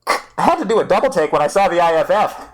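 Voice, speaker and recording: A man's voice: sits high, animated, quick pace, voice pushed up. A man voicing a wry, teasing male fighter pilot. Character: cheeky male squadron pilot.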